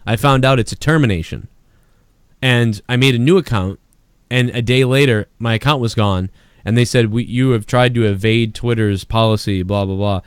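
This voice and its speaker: A man's voice: medium pitch, fairly quick, clean tone, no room sound, studio quality. A man from Massachusetts hosting a podcast, chatting casually and rambling with lots of fillers and swearing. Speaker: podcast host.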